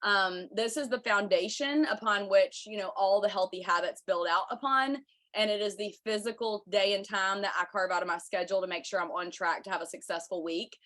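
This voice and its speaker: A woman's voice: medium pitch, a little fast, fairly bright tone. A woman, hosting a chatty, bubbly livestream for her viewers. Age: 30s. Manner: bubbly, chatty, says y'all a lot. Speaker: podcast host.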